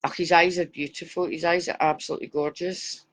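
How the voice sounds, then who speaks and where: A woman's voice: fairly low pitch, fairly even intonation, fairly quick. A woman giving live psychic readings, chatty and affectionate, calling viewers darling. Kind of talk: live-stream chat reading viewers' photos.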